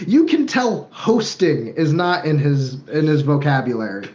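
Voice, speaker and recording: A man's voice: fairly high pitch, lively intonation, unhurried, few pauses, a little mellow, muffled recording, faint music behind. Man narrating a tabletop game. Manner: loose, descriptive, hedging with fillers. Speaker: game master.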